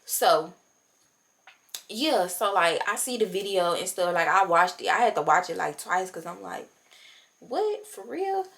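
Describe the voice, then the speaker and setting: A woman's voice: on the low side, moderate pace, creaky, fairly bright tone. A young woman vlogger telling a casual storytime, chatty and slangy, talking straight to her viewers with many fillers.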